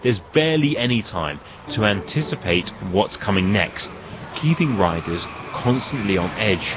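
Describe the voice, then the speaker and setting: A male documentary presenter with a low voice that swings widely in pitch, narrating with lively enthusiasm. The sound is slightly muffled, with faint noise underneath. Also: moderate pace.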